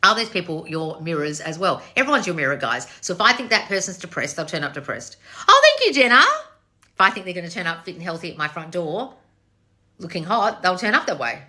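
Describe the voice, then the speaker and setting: A woman with a bright, clear voice hosts a casual live stream and reads viewer comments. She answers them bluntly, firing back rhetorical questions and swearing now and then. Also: on the low side, animated, fast talker. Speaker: manifestation coach reading live chat.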